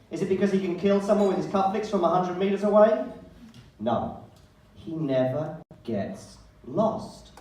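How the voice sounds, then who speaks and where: A man's voice: high voice, darkish tone, slight background noise. A man doing a stand-up comedy set in a live venue, self-mocking and dry, turning to the crowd with asides. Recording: roomy live stage sound from a distance. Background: audience laughter and room ambience.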